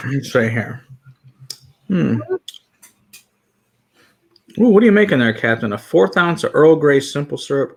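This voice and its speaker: Man, stream host, casual tasting chat, rambling, reads chat aloud, middle pitch.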